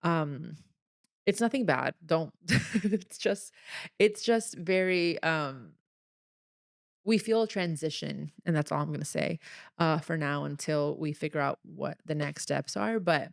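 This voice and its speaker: A woman's voice: low-pitched, a little slow, creaky, no room sound, studio quality. A young woman hosting a solo podcast, telling a personal story in an earnest, chatty, confessional way. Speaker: podcast host.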